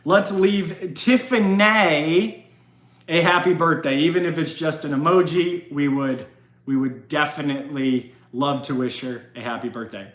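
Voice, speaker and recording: A man's voice: fairly high pitch, fairly bright tone. A man hosting a casual live question-and-answer stream, chatty and rambling, often laughing. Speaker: livestream host. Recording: roomy echo.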